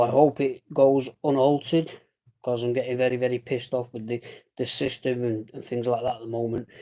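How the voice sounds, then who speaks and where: A man's voice: mid-range voice, darkish tone. A man chatting casually on a livestream, rambling with jokey asides and the odd swear word. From Britain. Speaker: vlogger living with a lung condition.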